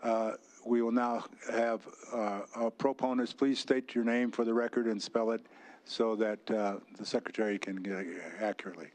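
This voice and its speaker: A man's voice: lowish voice, fairly even intonation, moderate pace, a little mellow. An older man, a veteran, chairing a legislative committee hearing, speaking with emotion and apologizing for it.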